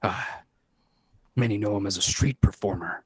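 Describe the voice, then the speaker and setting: A man's voice: lowish voice, normal speed, slightly rough. A man voicing nosy young male fighters trading rumors in a chatty way. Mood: gossipy. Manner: chatty, rumor-spreading quotes.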